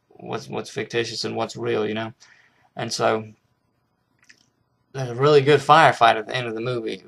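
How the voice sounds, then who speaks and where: A man's voice: medium pitch, creaky. A man casually reviewing a film, rambling with frequent restarts and hesitations.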